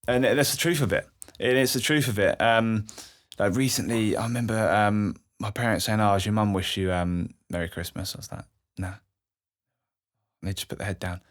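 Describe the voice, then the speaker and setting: A young man speaks in a low register as he opens up about his past. He talks with emotion and swears freely, slipping into the voices of the people he quotes. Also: normal speed. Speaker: guest. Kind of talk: candid personal storytelling.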